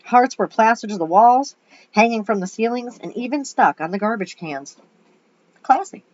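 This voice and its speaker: A woman's voice: on the high side, expressive, normal speed, slight background noise. A woman reading a children's book aloud, with chatty asides between passages. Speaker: reader. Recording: dull lo-fi recording.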